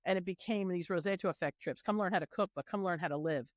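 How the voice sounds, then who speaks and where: A woman in a casual panel conversation who tells stories in an animated way and acts out the voices of the people she quotes. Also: fairly low pitch, fast talker, dry recording, studio quality. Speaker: guest, heritage tour organizer.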